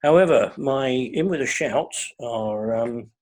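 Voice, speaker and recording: An older man chatting as a guest, telling wry, measured stories in a husky voice. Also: medium pitch, darkish tone. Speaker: guest fan. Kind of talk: casual chat.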